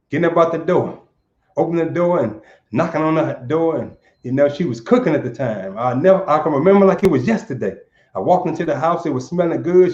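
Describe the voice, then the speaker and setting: A man's voice: fairly high pitch, darkish tone. A man from Saint Louis telling a personal story for a live audience. He speaks earnestly and stumbles over repeated words. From Saint Louis, USA. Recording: roomy, dull lo-fi sound.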